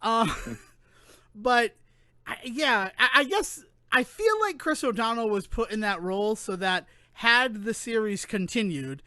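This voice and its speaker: A man co-hosting a podcast, chatting casually in an animated, rambling way that keeps interrupting itself. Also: sits high, takes it slowly, no echo, clean studio sound. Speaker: podcast co-host. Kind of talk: casual chat.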